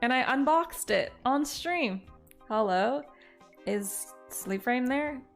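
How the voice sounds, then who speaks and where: A woman's voice: high voice, slow, soft background music. A chatty young woman from Canada streaming a video game live, talking to her chat and giggling. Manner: chatty, giggly, bursts into excited squeals.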